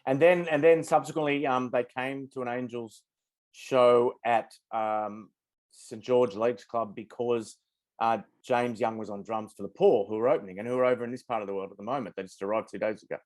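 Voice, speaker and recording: A man's voice: mid-range voice, steady tone, normal speed, a little mellow. A man hosting a casual interview, chatty and jokey, laughing often. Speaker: podcast host.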